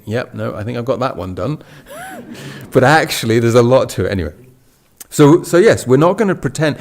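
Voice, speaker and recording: A man's voice: medium pitch, vocal fry. A man gives a casual Buddhist talk. He wanders through a personal story, backtracking and restarting his sentences. Now and then he slips into quoted lines of dialogue. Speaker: Buddhist teacher giving a talk. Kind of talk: casual spoken dharma talk.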